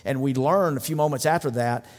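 A man's voice: medium pitch, fairly quick, darkish tone. A man preaching a sermon as pastor, building his points through rhythmic repetition and rising intensity. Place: church sanctuary. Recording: long reverb of a large hall.

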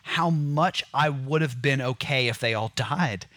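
A man co-hosting a podcast in casual chat, telling stories with lively quoted voices. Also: measured pace, no echo. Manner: animated storyteller, breaks into high-pitched quoted voices. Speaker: podcast co-host.

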